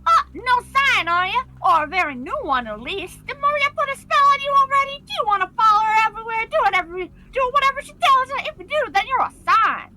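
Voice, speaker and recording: A woman's voice: extremely high pitch, animated, quick pace, hardly any pauses, very noisy. A woman voicing Sticky, a scrappy street-kid boy lockpicker, in a put-on New York accent, with a brash and grumbling manner.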